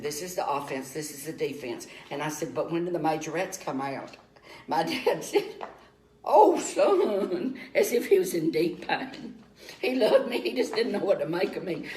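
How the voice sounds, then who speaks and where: His voice sits on the high side and sounds a little mellow. Stuck at home in lockdown, this vlogger spins campy, chatty stories for the camera, cursing without restraint.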